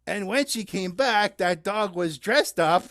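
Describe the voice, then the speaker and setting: Theatrical puppet show narrator, lively pitch, dry room, no reverb. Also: unhurried.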